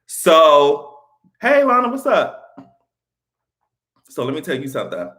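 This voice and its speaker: A man chats through a casual commentary vlog in a lively voice whose pitch leaps up and down. He swears freely, laughs often and talks straight to his viewers. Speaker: vlogger.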